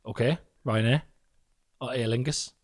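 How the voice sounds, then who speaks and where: A man from North East England co-hosting a comedy podcast, bantering and cracking jokes. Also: mid-range voice. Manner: joking, quick banter. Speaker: podcast co-host. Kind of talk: casual comedic chat.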